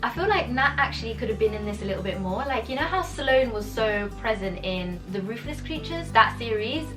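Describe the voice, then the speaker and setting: A young woman in a casual reading vlog at home, chatting with animated, exasperated energy and laughing between thoughts. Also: on the high side, brisk. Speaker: book vlogger. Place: home room in the evening. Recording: voice a bit far from mic with music.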